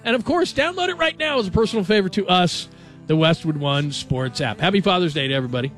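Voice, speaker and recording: A man hosting a sports radio show, chatting casually and reading headlines in a jokey, animated way. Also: sits high, quick pace, soft background music.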